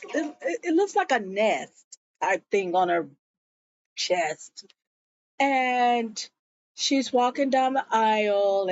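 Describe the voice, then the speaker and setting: A woman's voice: medium pitch, dull audio. A woman casually recapping a TV episode, gossiping, acting out the characters' lines and cursing along the way. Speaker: show recapper.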